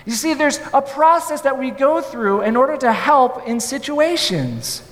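A male pastor telling a story in a sermon, in an animated, playful way. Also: extremely high pitch, a little slow, big-room sound.

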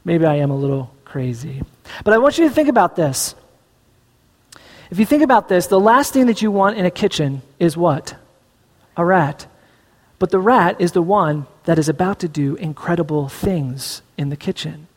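A man preaching a sermon as pastor, telling the story with animated, acted-out voices. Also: sits high, normal speed. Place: church sanctuary. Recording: echoey church hall.

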